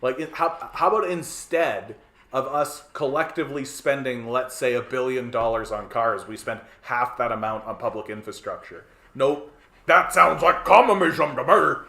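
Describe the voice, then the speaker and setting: A man's voice: mid-range voice, moderate pace, a bit bright. A man from Canada hosting a podcast in a heated, profane rant, repeating "right?" again and again. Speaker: podcast host. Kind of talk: casual ranting monologue. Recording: echoey room.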